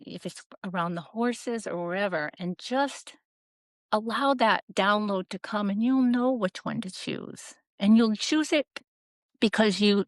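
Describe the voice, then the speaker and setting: Speaking in a mid-range voice, a middle-aged podcast guest candidly and reflectively recounts her life, voicing the people she quotes. The sound is dry and close-miked, with barely any room tone.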